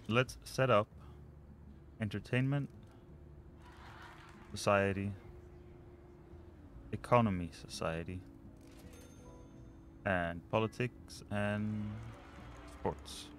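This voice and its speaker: A man's voice: fairly low pitch, steady tone, very slow, pauses often, fairly bright tone, faint music behind. A man casually commenting while he plays a management game, often muttering and trailing off as he thinks aloud. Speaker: let's play host.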